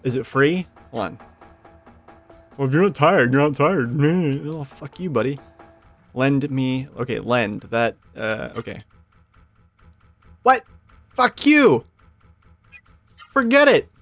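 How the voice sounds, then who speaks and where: A man talks through a game in a casual, unhurried way, his voice carrying a gravelly edge. He swears freely and is quick to rant at the characters on screen. Faint game music sits behind him. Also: medium pitch. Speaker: let's play gamer. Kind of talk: casual gameplay commentary. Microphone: desk microphone.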